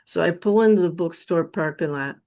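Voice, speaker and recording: A woman's voice: lowish voice, a little mellow. A woman telling her personal near-death experience story in an earnest, emotional way. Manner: slow, earnest, emotional retelling.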